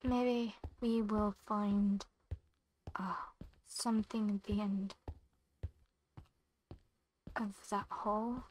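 A woman's voice: mid-range voice, flat delivery, extremely slow, long pauses, a little mellow, slight background noise, low-quality recording. A young woman giving nervous horror game commentary, talking to herself in short anxious questions. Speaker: gamer.

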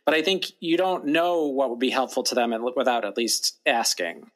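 A man with an ordinary mid-pitched voice, talking through advice in a measured, slightly hedging way. He often slips into sample dialogue to show how he would handle a moment. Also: expressive, fairly bright tone. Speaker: podcast co-host. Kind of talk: thoughtful conversational advice.

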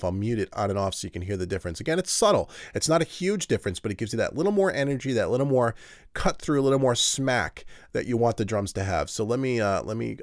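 A man's voice: on the low side, no echo. A man hosting a home-studio tutorial, explaining his mixing steps casually with fillers and restarts. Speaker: mix engineer tutorial host. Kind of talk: screen-recorded software tutorial.

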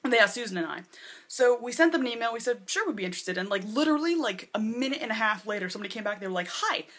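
A woman's voice: a little high, expressive, very fast, a bit bright. A woman in her twenties talking casually to a camera in her bedroom, rambling and chatty, filling her sentences with "like". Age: 20s. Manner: chatty, rambling, lots of "like" and acted-out quotes. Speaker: vlogger. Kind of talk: casual vlog chat. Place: bedroom with posters.

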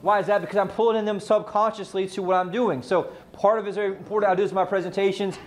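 A man teaching a live sales training class, firing questions at the room and answering them himself. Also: sits high. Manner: energetic, quizzes the audience, rapid questions.

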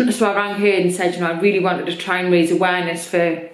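A woman's voice: on the low side, fairly quick. Chatty woman vlogger, echoey room. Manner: open, chatty, many fillers. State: slightly irritated throat. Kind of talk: personal vlog chat.

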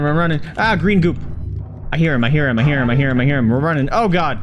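A man's voice: on the high side, lively intonation, fast. A man commentating a horror game in a panic, swearing and repeating words in frantic bursts. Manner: swears and yelps at scares. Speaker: gaming video host. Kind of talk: frightened let's-play commentary.

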